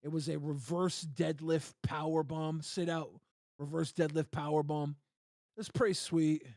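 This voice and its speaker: Interviewed as a guest on a live online show, a man speaks a little slowly in a slightly high voice, captured in a dry recording. He's a relaxed storyteller whose casual tales ramble along, full of fillers.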